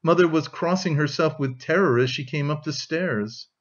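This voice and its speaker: A man's voice: a little high, moderate pace, lo-fi sound, natural voice. A man voicing a stern young woman.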